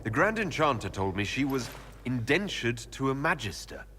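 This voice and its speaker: A man's voice: mid-range voice, very animated, moderate pace, pushed and bright, slight background noise. A man voicing a plain-spoken hero in a video game, asking direct questions. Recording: game audio with faint ambience.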